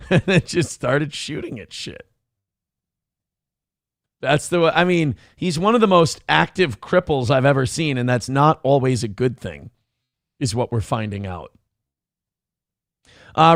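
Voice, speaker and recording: A man's voice: medium pitch, gravelly, no room sound, studio quality. A man hosting a morning livestream show in casual, profane, jokey chat, reading out viewer comments.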